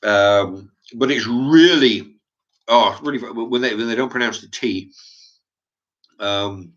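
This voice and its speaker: A middle-aged man with an English accent, talking in a halting, rambling monologue to his channel's viewers, often stumbling and repeating his words. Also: medium pitch, fairly bright tone, muffled recording. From England. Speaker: YouTube channel host.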